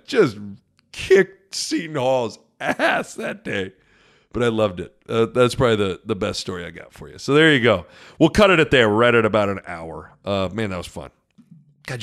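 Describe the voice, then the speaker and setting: A middle-aged man hosting his own podcast, a basketball commentator chatting casually and telling animated stories with big swings in pitch and loudness.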